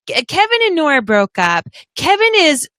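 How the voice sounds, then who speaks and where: Brief: young female co-host, jokey and emphatic, higher voice, dry close mic. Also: moderate pace, no room sound. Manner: animated, jokey, hits words for emphasis. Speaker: podcast co-host. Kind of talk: casual chat on a live-streamed podcast.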